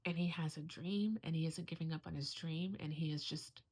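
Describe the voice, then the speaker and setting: A woman's voice: sits low, fairly even intonation, fairly quick, darkish tone, husky. A middle-aged woman, a homeschooling mother, talking in a heartfelt, earnest way in a casual vlog, close to tears at times.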